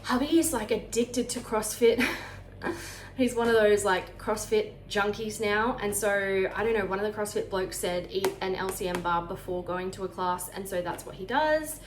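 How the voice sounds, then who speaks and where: A chatty Australian woman in her thirties talks to camera in a quick, slightly breathless rush. Her voice sits at an ordinary middle pitch. It bounces around an echoey room at home over a faint background hiss. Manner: fast-talking, chatty, sounds out of breath. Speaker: vlogger. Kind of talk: casual chat.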